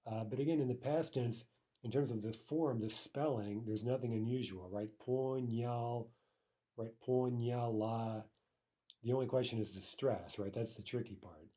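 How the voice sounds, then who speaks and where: Male instructor, mellow and relaxed voice, steady mid pitch, patient explainer. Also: brisk. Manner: explains patiently, often checks in with "right?". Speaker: language teacher. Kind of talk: recorded grammar lesson.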